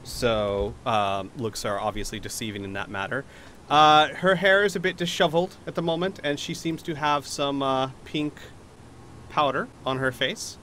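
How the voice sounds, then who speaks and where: A man's voice: mid-range voice, fairly even intonation, normal speed, sharp tone, slight background noise. Man game master narrating a tabletop game. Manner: rambling, with many fillers and restarts.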